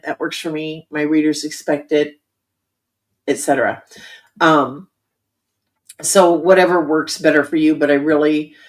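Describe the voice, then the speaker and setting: A middle-aged woman author chatting candidly and casually with her audience about writing, with frequent ums. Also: low-pitched. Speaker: author hosting a writing livestream. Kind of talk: casual chat.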